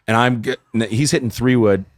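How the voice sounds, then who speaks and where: A middle-aged man from California's San Fernando Valley, a guest on a podcast, telling animated, self-deprecating stories in casual, profane chat. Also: mid-range voice, fairly quick, no room sound. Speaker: podcast guest, film producer.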